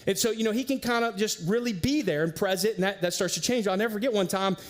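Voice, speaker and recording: A man preaching a sermon as pastor, in a casual, conversational way with slang and lively storytelling. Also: sits high, quick pace. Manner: animated storyteller.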